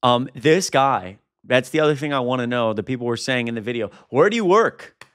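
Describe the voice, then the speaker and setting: A man's voice: mid-range voice, steady tone, clean tone. A young man reacting to a protest video as a political commentator, indignant and exasperated. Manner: indignant, exasperated, quick asides.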